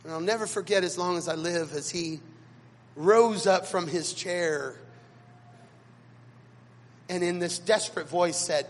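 A man, a pastor, preaching a sermon and telling stories dramatically, with sudden swings between quiet and loud. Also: sits high, a little slow, pauses often, in a large hall. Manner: dramatic storytelling with big swings in loudness. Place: church sanctuary.

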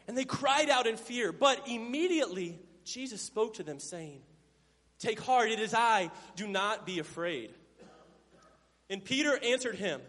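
A male pastor with a high-pitched voice delivers a sermon, swinging between loud emphasis and hushed asides. He acts out the lines of Bible figures playfully. The sound carries the long reverb of a big hall. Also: sing-song, unhurried.

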